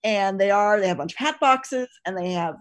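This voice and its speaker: A woman's voice: medium pitch, fairly quick. A woman co-hosting a podcast, chatting casually in a rambling, profane way with lots of restarts. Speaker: podcast co-host discussing costumes. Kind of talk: casual chat.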